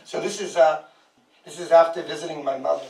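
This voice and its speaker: A man's voice: on the high side, steady tone, brisk, gravelly, darkish tone. A man in his sixties reading his own poems aloud as a guest poet, with dry humor and chuckling asides between pieces. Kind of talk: poetry reading with casual asides. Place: small historic house, indoors. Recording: roomy sound from a distant mic.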